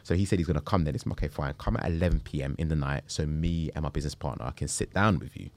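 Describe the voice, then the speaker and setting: Fast-talking gravelly man. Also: a bass voice, no echo. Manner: animated, slangy, acts out quotes. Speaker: travel group founder. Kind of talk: casual storytelling interview.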